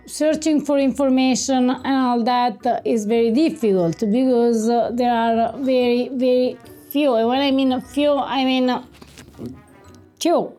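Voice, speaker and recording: A woman with an Italian accent talks through a recipe, step by step, for a cooking show. Her voice sits a little high and sounds mellow and warm. Faint music plays under her. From Italy. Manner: explains step by step, non-native phrasing. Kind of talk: casual cooking chat.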